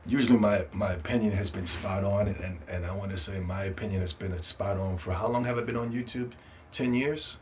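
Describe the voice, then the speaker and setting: A man hosting a casual solo gaming podcast, joking and ranting in a loose, profane way that swings from loud excitement to quiet asides. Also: low voice, brisk, slight background noise. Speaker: podcast host.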